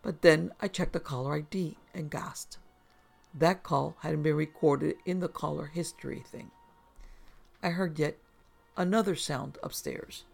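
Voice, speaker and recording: A narrator reading first-person horror stories aloud in a steady, measured way, as scripted storytelling. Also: mid-range voice, creaky, soft background music.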